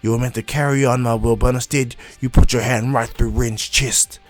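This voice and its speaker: A man's voice: medium pitch, steady tone, normal speed, soft background music, natural voice. A man voicing a bitter, scornful young male ninja with a mocking manner.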